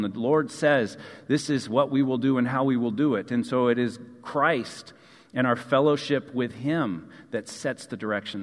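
Male pastor, steady middle register, earnest sermon delivery with repeated phrases, recorded in a reverberant sanctuary. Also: medium pitch. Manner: earnest, repeats key phrases, drops soft on endings. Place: church sanctuary. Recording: long hall reverb.

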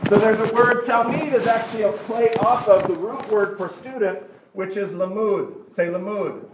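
A man with a high voice teaches a Bible class to a live group. He is animated and conversational, slipping into quick voices of other people as he explains. The room is echoey, with steady noise behind him.

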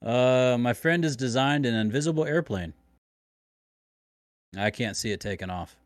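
A man's voice: medium pitch, normal speed, no echo. A man trading puns in a casual chat, laughing often at the jokes. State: married. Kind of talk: casual joke-telling chat.

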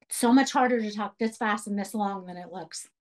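A woman's voice: medium pitch, brisk, poor audio. A woman leading a Bible study for a women's group, earnest and emphatic, repeating key phrases as she teaches. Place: church radio program.

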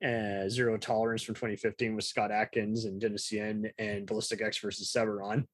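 A man's voice: on the low side, little pitch movement, fairly quick, no room sound. A man co-hosting a casual film podcast, rambling and profane, laughing often. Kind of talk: casual chat.

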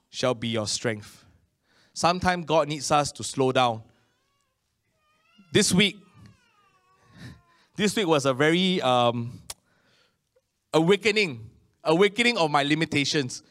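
A middle-aged man with a Singaporean English accent, preaching a conversational sermon with frequent Amens and slow, emphatic phrases. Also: on the high side, lively intonation, a bit bright.

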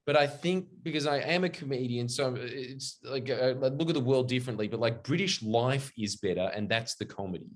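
A man and comedian co-hosting a podcast, joking in a crude, animated way. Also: mid-range voice, brisk, hardly any pauses. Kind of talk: casual chat.

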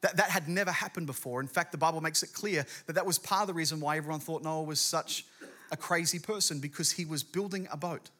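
A middle-aged man, a guest pastor, preaching and telling a personal story in animated quick bursts. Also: a little high.

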